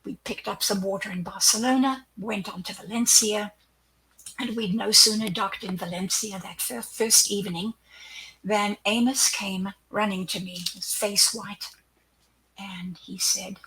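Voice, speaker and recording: An older woman, interviewed as a guest, tells a personal story with animation, acting out quoted dialogue and sometimes slipping into a hushed aside. Her medium-pitched voice is steady and a little slow, though the audio is poor.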